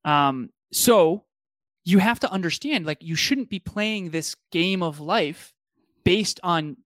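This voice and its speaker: Earnest higher-voiced male co-host. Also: expressive, takes it slowly, fairly bright tone, no echo. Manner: earnest, reflective, restarts often. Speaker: podcast co-host. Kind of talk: casual motivational talk.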